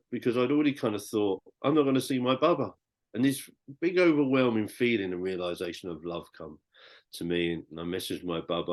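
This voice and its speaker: Brief: British man, low voice, rambling heartfelt podcast storyteller. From Britain. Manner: rambling and heartfelt, with many restarts. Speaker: podcast guest. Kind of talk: personal storytelling.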